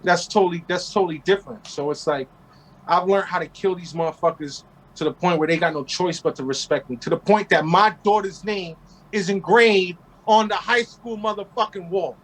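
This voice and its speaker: A man in his forties from Queens tells stories as an interview guest. He talks in a brash, profane, animated way. His voice sits high. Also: moderate pace, rough recording. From Queens, New York. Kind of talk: casual interview storytelling.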